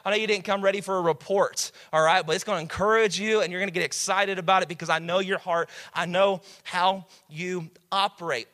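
A pastor preaching a sermon, calling out to the congregation and building to shouts. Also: male voice, high-pitched, steady tone, fairly quick, hardly any pauses.

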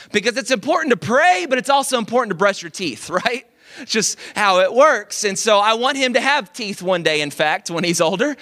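Speaking into a microphone at a church service, a young male pastor preaches a sermon in a high, bright, forceful voice. He keeps things conversational and animated, full of "like" and "right?", with casual asides and frequent check-ins with the congregation.

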